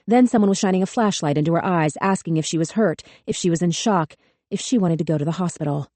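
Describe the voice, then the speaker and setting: A woman narrating a thriller audiobook in a measured, tense way. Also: fairly low pitch, a little mellow, no room sound. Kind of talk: scripted narration.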